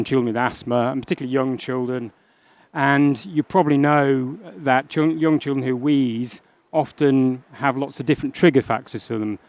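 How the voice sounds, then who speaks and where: A man's voice: mid-range voice, a little mellow. A middle-aged man from England, a pediatric doctor, giving a conference talk in an easy conversational way, with frequent ums and restarts. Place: conference room.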